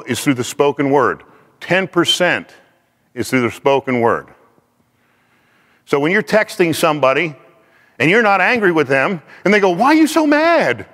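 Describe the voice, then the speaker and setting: A man teaching a class in an animated way, acting out the people he quotes. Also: a little high. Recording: long hall reverb.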